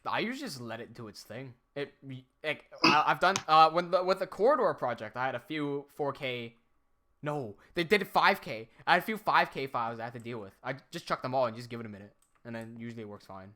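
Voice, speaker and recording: Streamer, male, bright and forceful, loose rambling chat, desk mic. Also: mid-range voice, fairly quick. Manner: relaxed, rambling, reads chat aloud.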